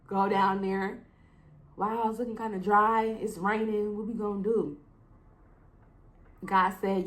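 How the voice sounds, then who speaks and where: At a measured pace and medium pitch, a bit bright, a young adult woman talks on her solo podcast through a low-quality recording. Her casual talk grows emotional and preachy as she reenacts her conversations with God.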